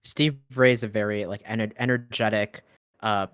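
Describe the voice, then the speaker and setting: Low-voiced young man reading questions. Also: steady tone, moderate pace, fairly bright tone, clean tone, no echo, studio quality. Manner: reads questions aloud, then adds brief comments. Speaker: interviewer reading audience questions.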